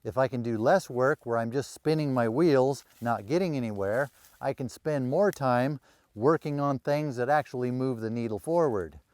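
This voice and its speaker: A man's voice: mid-range voice, moderate pace, a little mellow, no echo. A middle-aged man, a rural landowner, narrating casually with wry, self-deprecating humor. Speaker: rural landowner and video creator.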